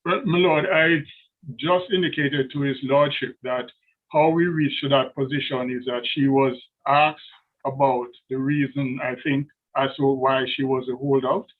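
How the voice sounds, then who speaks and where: A man's voice: medium pitch, steady tone, unhurried. A male defence lawyer making formal, deferential courtroom submissions to appeal judges, with frequent hesitations. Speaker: defence counsel. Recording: tinny phone-like remote line.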